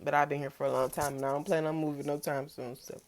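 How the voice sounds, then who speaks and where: A young woman, talking in a casual, reflective vlog, soft-spoken and relaxed. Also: low voice, fast. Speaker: vlogger. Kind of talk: personal reflective vlog talk.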